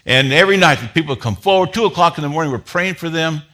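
A man preaching a sermon, telling a story with lively rises in energy and dropping to a low, earnest tone to make his point. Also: fast talker. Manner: animated storyteller, grows loud and high when excited, then drops to a low earnest tone. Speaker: pastor.

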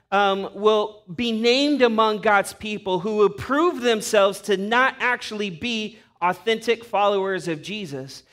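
Brief: male pastor, high voice, slow deliberate earnest sermon delivery. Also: fairly bright tone. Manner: earnest, emphatic preaching.

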